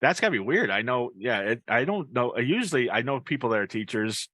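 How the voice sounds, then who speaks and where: A man's voice: mid-range voice, lively intonation, brisk, a bit bright, no room sound. A man hosting a casual interview, joking and teasing his guest with stumbling restarts. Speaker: host.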